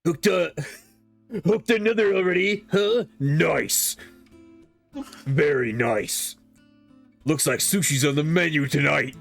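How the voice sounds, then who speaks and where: A man's voice: fairly high pitch, extremely slow, vocal fry, few pauses, fairly bright tone, soft background music, full character voice. A man voicing a smug male griffin who flirts with heavy innuendo, read from a visual novel. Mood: smug flirting. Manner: teasing, dripping with innuendo.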